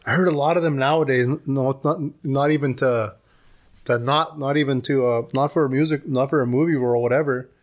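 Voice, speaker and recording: A man's voice: medium pitch, steady tone, a little fast. A man co-hosting a podcast in casual chat, rambling and slangy. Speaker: podcast co-host.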